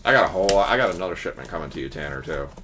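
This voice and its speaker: A man's voice: sits low, animated, racing, background noise. A man hosting a trading card break livestream, chatting casually and teasing his viewers.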